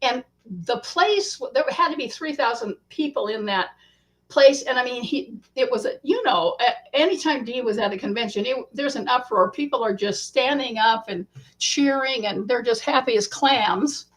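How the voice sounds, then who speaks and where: A woman author, a guest in an interview, telling a story in a casual, animated way and acting out the quotes. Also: fairly high pitch, normal speed.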